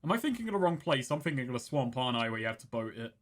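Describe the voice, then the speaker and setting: A man with a medium-pitched voice and big swings in pitch plays a tabletop role-playing game. He chats casually in character at the table, rambling, correcting himself mid-thought, and dropping quick asides.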